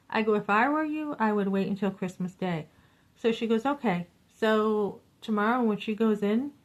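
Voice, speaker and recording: A woman's voice: mid-range voice, low-quality recording. A middle-aged woman telling a story in a casual vlog, venting with exasperation and acting out the dialogue. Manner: animated, acts out quoted dialogue. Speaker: vlogger.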